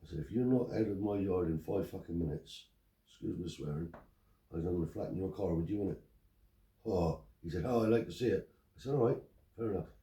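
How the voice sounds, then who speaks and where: A Romany Traveller, an older man in a casual interview, spins animated stories and voices the dialogue. He speaks a little fast in a low voice, captured from a distance in a roomy space.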